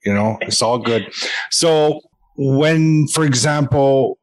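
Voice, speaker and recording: Male interview host, friendly and loose, rambles while asking questions, mid-pitched voice. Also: slow, a little mellow. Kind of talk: interview conversation.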